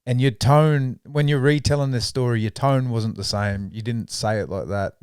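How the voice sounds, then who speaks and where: Laid-back podcast co-host, dry sound. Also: male voice, medium pitch, moderate pace, a little mellow, clean tone, no room sound. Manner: laid-back, mimics fighters when retelling. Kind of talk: casual chat.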